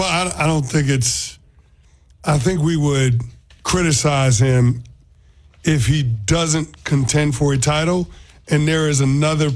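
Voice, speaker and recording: A man who is a former football player, co-hosting a sports talk show in a measured, analytical way. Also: fairly high pitch.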